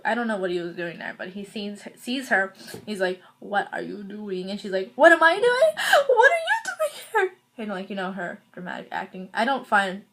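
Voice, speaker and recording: A woman's voice: medium pitch, a bit bright. A woman hosting a casual recap video, talking in a rambling, chatty way full of fillers and restarts. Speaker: video host reviewing a TV episode.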